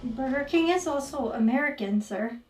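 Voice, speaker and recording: A woman playing a nervous, flattering servant in a comedy sketch. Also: high-pitched, moderate pace, reverberant, far from the mic. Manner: pleading, flattering. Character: groveling nervous servant to a president.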